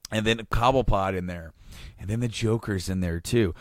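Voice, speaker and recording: A man hosting a podcast speaks in a low voice at normal speed, rambling enthusiastically and often restarting his sentences. The chat is easy and casual, recorded dry and close to the mic.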